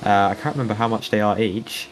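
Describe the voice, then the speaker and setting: A man's voice: on the low side, steady tone, fast, slight background noise, poor audio. Playful man commentating sim racing. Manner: joking, playful, chatty with chat. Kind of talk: casual livestream commentary.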